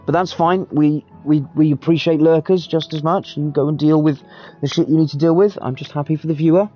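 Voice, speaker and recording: A man's voice: fairly high pitch, fairly even intonation, fairly quick, dull audio, soft background music. A British man chatting casually and swearing freely as he streams a game. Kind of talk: casual live gameplay commentary.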